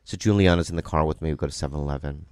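A man's voice: very deep voice, rapid-fire, clear, resonant tone, no echo, clean studio sound. A man who is a podcast guest, telling a story in casual chat and acting out the people in it. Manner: animated, acts out the people in his stories.

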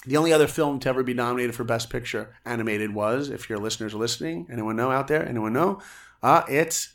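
Gravelly man telling a story with gusto. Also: mid-range voice, fast talker, a bit bright. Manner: acts out quoted people with shifting voices. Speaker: guest. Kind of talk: animated storytelling in a podcast interview.

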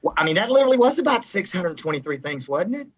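A man's voice: sits high, sing-song, fast talker, muffled recording, a crowd in the background. A man appearing as a guest analyst on a sports podcast, talking in an emphatic, chummy casual style.

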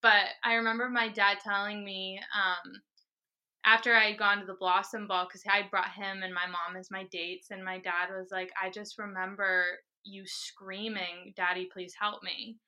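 A young adult woman talking as a podcast guest, telling her story in a lively, laughing way. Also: medium pitch, normal speed, dull audio. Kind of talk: casual interview chat.

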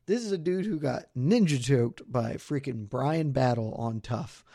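Mellow-voiced man on a betting podcast. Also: mid-range voice, lively intonation, measured pace, creaky, no echo, clean studio sound. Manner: loose, rambling, self-deprecating. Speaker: podcast co-host. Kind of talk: casual betting podcast chat.

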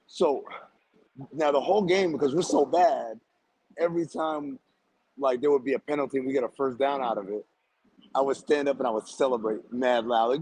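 A man on a podcast telling a story in a loud, animated way, laughing often and using lots of slang. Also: medium pitch, brisk, breathy edge, low-quality recording. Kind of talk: casual chat.

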